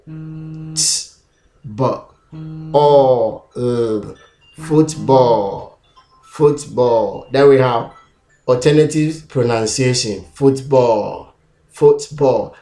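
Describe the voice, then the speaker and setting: A man's voice: mid-range voice, a little mellow, reverberant. A man teaching an English pronunciation lesson, sounding out and repeating each sound several times on his own camera. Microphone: self-recorded camera.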